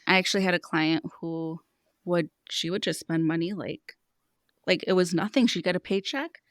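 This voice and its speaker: A woman's voice: lowish voice, moderate pace, no echo, studio quality. A woman in her thirties, a money coach, talking earnestly on a podcast and explaining with stories about her clients. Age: 30s. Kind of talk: podcast conversation, storytelling.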